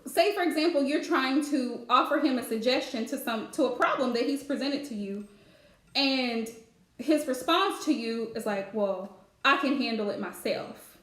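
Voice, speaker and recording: A woman's voice: high-pitched, normal speed, reverberant. A woman giving a live-streamed spiritual reading, chatty and advice-giving with lots of fillers. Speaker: psychic card reader.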